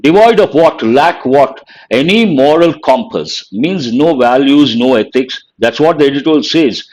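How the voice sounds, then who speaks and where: A man's voice: mid-range voice, animated, darkish tone, low-quality recording. Man teaching vocabulary. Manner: explains words slowly, asks and answers his own questions. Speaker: English teacher. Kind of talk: live editorial analysis lesson.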